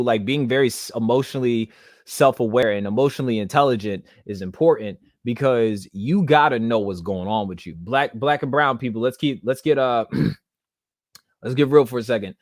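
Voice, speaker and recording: A man's voice: medium pitch, fairly quick, dry recording, clean studio sound. A young man hosting a podcast monologue, rambling with many restarts and holding back tears. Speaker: podcast host. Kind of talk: casual monologue.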